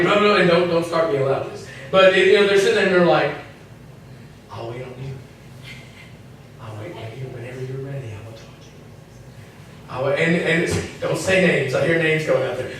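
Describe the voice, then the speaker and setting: A man gives a relaxed, joking sermon to young people, slipping into small acted-out voices. His voice sits a little high. The mic is set back from him in a very echoey hall, with a faint hiss underneath. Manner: chatty, acts out voices, jokes. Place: church hall. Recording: echoey room, mic at a distance, faint noise.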